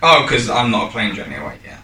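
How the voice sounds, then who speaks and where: A man's voice: fairly low pitch, very animated, quick pace. A young man, joking and bantering in a casual chat with friends. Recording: roomy, far from the mic, faint noise.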